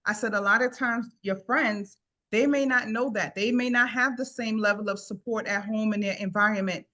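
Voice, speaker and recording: A woman's voice: on the high side, steady tone, moderate pace. Earnest middle-aged woman retelling a story. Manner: repeats "I said" often, warm earnest retelling. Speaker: guest sharing a personal story. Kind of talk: casual storytelling.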